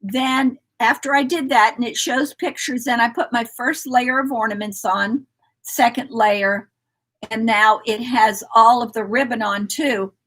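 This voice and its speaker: Husky chatty woman co-hosting. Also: on the high side, fairly even intonation, unhurried, fairly bright tone. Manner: chatty, encouraging, rambling. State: losing her voice. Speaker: co-host of a store's live decorating chat. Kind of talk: casual chat.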